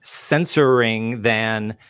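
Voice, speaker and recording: A man's voice: lowish voice, very slow, a bit bright, smooth, no echo, clean studio sound. A man hosting an interview, asking questions in a conversational way with hesitant fillers. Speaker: podcast host. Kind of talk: casual interview talk.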